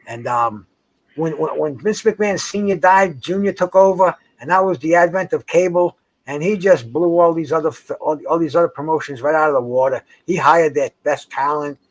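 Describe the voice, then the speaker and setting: Outdoors beside a dock on the water, an older male host chats casually at a moderate pace in a fairly high voice. He rambles, curses, and keeps tripping over restarts.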